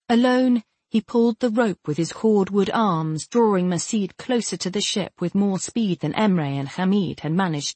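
A woman narrates a fantasy adventure in a steady, even manner, at a middling pitch for a woman. The recording is dry and close, with no room sound around her. She keeps her storytelling level and clear throughout. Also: no echo. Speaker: audiobook narrator. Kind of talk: scripted narration of a fantasy novel.

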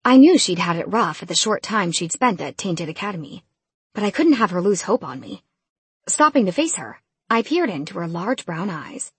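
Very breathy, low-voiced woman narrator. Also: very animated, normal speed, no room sound. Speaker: audiobook narrator. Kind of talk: first-person novel narration.

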